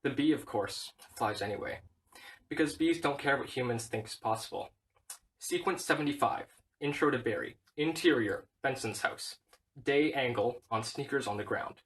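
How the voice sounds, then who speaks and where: A man reading a whole film script aloud, stage directions included, in a flat, steady way. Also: medium pitch, normal speed, recorded from a distance, low-quality recording. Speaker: reader.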